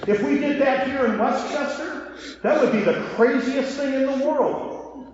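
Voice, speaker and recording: A man preaching a sermon as pastor, telling the story with acted dialogue and lively asides, recorded in a church sanctuary. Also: extremely high pitch, a little slow, a little hiss or hum. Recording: echoey hall, dull lo-fi sound.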